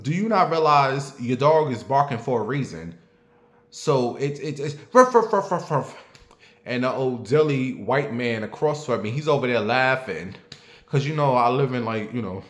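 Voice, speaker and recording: A sassy, foul-mouthed man tells a story as a casual rant. He sounds animated and mocking, and he breaks into barking noises. His voice sits at an average pitch and rings in a roomy echo. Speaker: online commentator.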